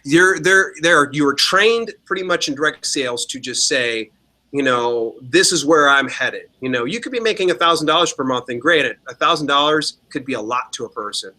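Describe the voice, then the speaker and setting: A man co-hosting a casual podcast, riffing through stories with heavy swearing and sudden mimicked voices. His voice sits a bit high for a man and sounds bright and forceful. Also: fairly quick. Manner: profane, animated storytelling with mimicked quotes. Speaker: podcast co-host.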